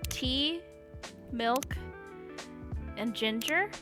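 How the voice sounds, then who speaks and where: A woman streamer giving excitable let's play commentary, exclaiming often and laughing as she plays. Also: high-pitched, very slow. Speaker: gaming streamer. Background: loud game music.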